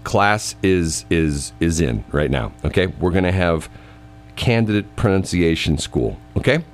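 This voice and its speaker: A man co-hosting a casual talk show, animated and laughing, his voice leaping up when he is incredulous. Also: low-pitched, a little slow. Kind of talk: casual banter.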